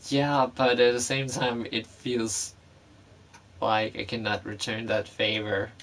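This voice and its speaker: A man's voice: fairly low pitch, level tone, takes it slowly, fairly bright tone. A man vlogger telling a personal story in a casual, rambling way, with many fillers and frequent swearing.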